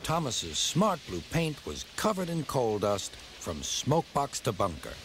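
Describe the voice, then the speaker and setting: A man narrating a children's storybook in a playful, expressive way. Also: mid-range voice, unhurried. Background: music.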